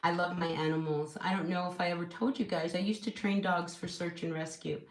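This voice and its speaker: A woman's voice: on the low side, brisk. A woman hosting a casual live tarot reading at home, chatty and encouraging, with lots of "you know" fillers. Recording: echoey room with steady noise.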